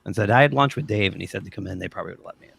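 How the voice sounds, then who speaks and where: A man hosting a livestream and telling lively anecdotes over a video call. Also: lowish voice, rapid-fire, vocal fry, breathy edge, dry recording. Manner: animated anecdote teller, quotes people in voices. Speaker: livestream host. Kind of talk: casual chat, storytelling.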